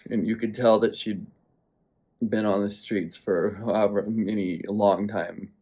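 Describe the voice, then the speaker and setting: A man's voice: lowish voice, fairly even intonation, a little slow, darkish tone. A man telling a personal story to camera, earnest and emotional, speaking bluntly and swearing now and then. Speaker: vlogger.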